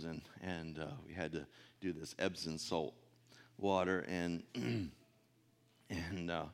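A man preaching a sermon in a folksy, conversational way, swelling louder on his key points and often clearing his throat. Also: low-pitched.

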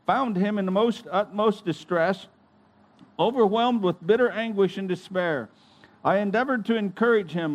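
High-voiced man reading solemnly. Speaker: reader. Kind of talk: solemn reading of a religious account.

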